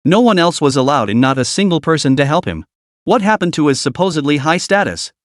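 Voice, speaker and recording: A man's voice: fairly high pitch, very animated, brisk, no echo. Man reading a story, dry close sound. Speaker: narrator. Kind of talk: scripted story narration.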